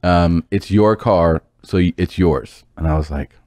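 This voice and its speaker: A man's voice: low-pitched, measured pace, no echo. Guy telling a funny story, voices the people in it, laughs a lot, dead dry sound. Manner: animated, acts out quotes, laughs through story. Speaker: storyteller guest. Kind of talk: casual comedic storytelling.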